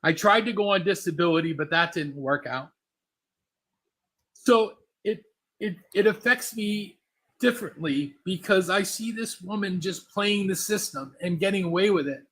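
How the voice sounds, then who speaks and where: A man speaking as a guest on a live stream, telling a personal story in an earnest, halting, emotional way. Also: sits high, a bit bright, husky.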